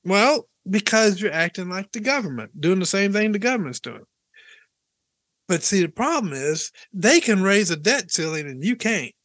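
A man's voice: sits high, very animated, moderate pace, fairly bright tone, dry recording. A man co-hosting a casual Christian podcast, joking and teasing as he talks, chuckling often. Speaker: podcast co-host.

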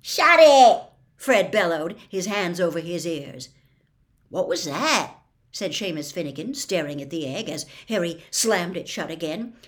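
A woman reading a novel aloud as a storyteller, expressive and quick, sometimes dropping to a whisper. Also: lowish voice.

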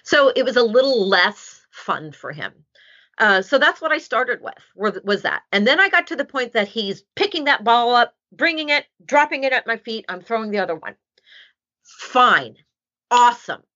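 Woman dog trainer, casual podcast chat, lively swooping voice, husky, lo-fi. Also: mid-range voice. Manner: animated storytelling with many fillers. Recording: dull lo-fi sound.

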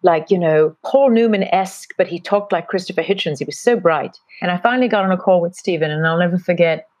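A woman's voice: lowish voice, fast talker, a little mellow, no room sound. A middle-aged woman guest with a mix of British and American accent, telling stories in a rambling, reflective way during an interview. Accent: mixed British and American. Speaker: guest, marketing strategist. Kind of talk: conversational interview.

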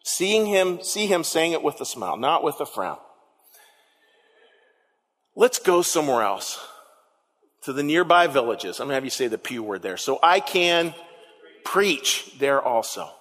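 A male pastor preaching in a church sanctuary, his voice sitting a little high and trailing off into the long reverb of the hall. He tells the story in an animated way and repeats phrases for emphasis. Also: normal speed, long pauses. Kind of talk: sermon.

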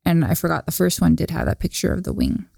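A woman from Alaska co-hosting a podcast, chatting in a relaxed way about what she researched. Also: sits low, fast talker, gravelly, no echo, clean studio sound. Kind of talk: casual chat.

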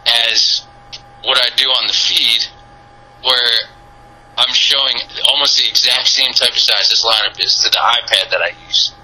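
A man telling a story as a guest on a podcast, animated and casual, with plenty of fillers and the odd curse. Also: mid-range voice, moderate pace, low-quality recording. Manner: animated, lots of fillers and swearing. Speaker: podcast guest, sports content creator.

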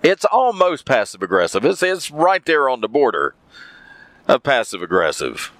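A man's voice: medium pitch, very animated, moderate pace, a bit bright, no echo. A man telling a story in a casual monologue, repeating phrases for emphasis.

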